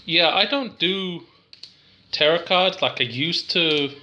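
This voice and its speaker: A man's voice: a little high, slow, sharp tone, lo-fi sound. A young English man rambling through a casual, giggly, self-deprecating card review.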